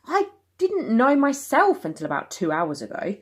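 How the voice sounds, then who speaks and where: A woman's voice: high voice, wildly swooping pitch, normal speed, husky, pitched above the performer's own voice, full character voice. A woman reading aloud, voicing a defensive, pleading father in a storybook who talks earnestly.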